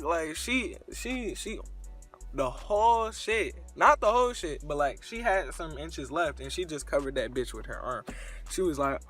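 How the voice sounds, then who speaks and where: A young man telling a crude, slang-filled story in a casual, animated storytime style. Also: fairly high pitch. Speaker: storyteller vlogger.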